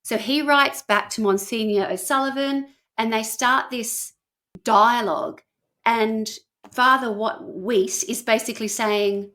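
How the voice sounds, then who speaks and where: A woman co-hosting a podcast, earnestly retelling a documentary in casual chat, speeding up for asides and slowing down for emphasis. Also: fairly high pitch, steady tone, sharp tone. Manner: earnest, shifting between quick asides and slow emphasis. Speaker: podcast co-host.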